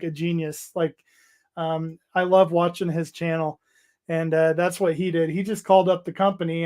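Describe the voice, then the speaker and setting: A man's voice: high-pitched, a little mellow. A man hosting a casual hobby livestream, chatting loosely, reading out viewer comments and trailing off into restarts. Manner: rambling, halting, reads out chat messages. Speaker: livestream host.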